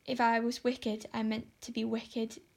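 A woman's voice: fairly high pitch, little pitch movement, measured pace, darkish tone. A woman voicing a dramatic, despairing young orphan girl who pleads and exaggerates. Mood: pleading. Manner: melodramatic, pleading.

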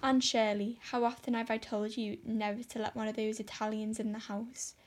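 A woman's voice: on the high side, flat delivery, moderate pace, noisy background, natural voice. A woman voicing a stern older spinster who scolds and speaks with dry sarcasm.

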